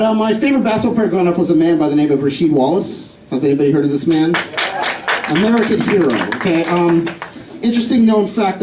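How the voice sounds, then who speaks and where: High-voiced man doing stand-up in a club. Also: background noise. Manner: self-deprecating, rambling with many fillers. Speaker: stand-up comedian. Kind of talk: stand-up comedy set. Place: comedy club stage. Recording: roomy club audio from far off, loud crowd. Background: audience laughter.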